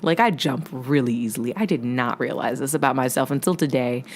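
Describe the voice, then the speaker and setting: A woman's voice: a bass voice, fairly quick, slight background noise. A woman co-hosting a podcast in casual chat, giggly and rambling as she tells stories. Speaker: podcast co-host.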